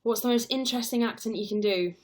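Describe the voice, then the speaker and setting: A woman's voice: fairly high pitch, fast. A young woman chatting casually on a livestream, rambling and answering viewer comments. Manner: chatty and rambling, heavy use of "like". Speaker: stage actor and livestreamer.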